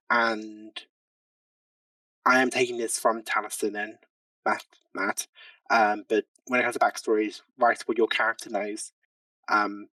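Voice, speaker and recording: A man chats casually on a podcast as a guest, self-deprecating and full of likes and ums. His voice sits at a middle pitch. He sounds a little back from the mic in a dry room. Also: fairly bright tone, no room sound, recorded from a distance, low-quality recording. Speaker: tabletop game player and podcast guest.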